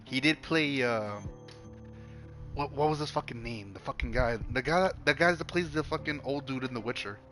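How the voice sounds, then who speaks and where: A man's voice: medium pitch, moderate pace, fairly bright tone, soft background music. A young man streaming a game, chatting casually in a rambling, profane way, full of stop-start restarts.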